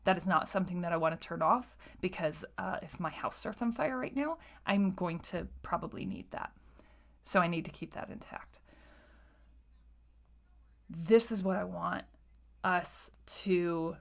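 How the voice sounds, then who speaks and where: A woman's voice: lowish voice, measured pace, gravelly, fairly bright tone. A woman hosting a solo podcast in a casual, chatty way, often tagging her points with "right?" and sometimes dropping to a near-whisper. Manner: chatty, tags lines with "right?" and "like". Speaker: podcast host.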